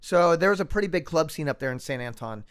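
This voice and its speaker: A man in his thirties, a podcast guest, telling a long story in a casual, animated way with lots of fillers. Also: fairly high pitch, quick pace, clean tone. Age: 30s. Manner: animated anecdote, fillers and acted-out quotes.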